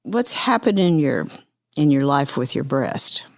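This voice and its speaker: Low gravelly woman host. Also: very animated, unhurried, no echo, clean studio sound. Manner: attentive, frequent affirming murmurs. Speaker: podcast host. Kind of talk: interviewing.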